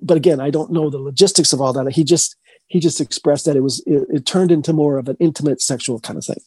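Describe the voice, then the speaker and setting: Husky, rambling male storyteller. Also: fairly high pitch, darkish tone, no echo. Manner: rambling, halting, with frequent restarts. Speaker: paranormal investigator. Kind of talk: casual storytelling interview.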